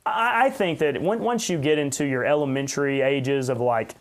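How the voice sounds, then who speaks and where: A man's voice: mid-range voice, normal speed. A man, a pastor hosting a podcast, rambling and ranting in unscripted commentary with sarcastic asides.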